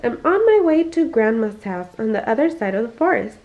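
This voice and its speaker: A woman's voice: fairly high pitch, sing-song, a little fast, darkish tone. A woman reading the part of a trusting, cheerful little girl in a storybook, with an eager manner, on a dull lo-fi recording. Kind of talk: storybook read-aloud.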